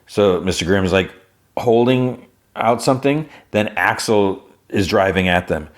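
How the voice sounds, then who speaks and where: A man's voice: on the low side, lively intonation, measured pace. A man hosting a podcast, casually retelling a TV episode in a rambling way full of "like". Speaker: podcast host.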